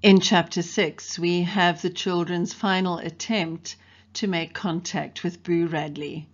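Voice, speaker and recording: Slow-reading woman teacher with dull audio. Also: on the low side, fairly even intonation. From South Africa. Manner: reads dialogue in brighter, livelier voices for the characters. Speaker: English teacher. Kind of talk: reading a novel aloud to students.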